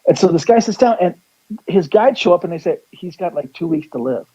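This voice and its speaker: Man, raised pitch, husky, rambling storyteller, muffled lo-fi call-in line. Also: expressive, fairly quick, warm tone. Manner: rambling, restarts sentences, acts out quotes. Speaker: guest psychic. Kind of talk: casual storytelling on a call-in radio show.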